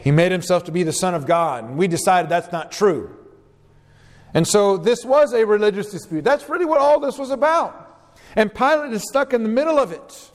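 High-voiced male preacher in echoing hall. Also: expressive, moderate pace. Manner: reads scripture verses aloud and explains them, emphatic. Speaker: pastor. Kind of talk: expository sermon.

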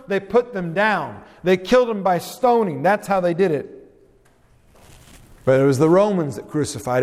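A man delivers a sermon in a church, his fairly high voice swooping down to a low hush for scripture quotes and climbing for questions. The sound carries the long reverb of a large hall. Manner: swings pitch widely, drops low on quotes, rises on questions. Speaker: preacher.

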